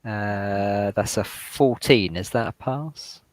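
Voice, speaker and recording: A man playing a tabletop game, easygoing and quick to laugh. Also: lowish voice, dry recording. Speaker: player. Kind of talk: casual tabletop game chat.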